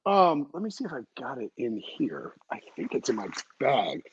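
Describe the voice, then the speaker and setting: A man hosting a sports podcast, chatting casually in a rambling, energetic way with lots of fillers and restarts. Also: mid-range voice, moderate pace, dull audio, slight background noise. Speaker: podcast host.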